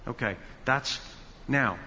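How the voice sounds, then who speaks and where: A man preaches a sermon at a slow, deliberate pace, his tone bright and forceful. He presses hard on key words and swells louder at the peaks. The recording is slightly dull, with a long reverb ringing through a large hall. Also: medium pitch, slight background noise. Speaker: pastor.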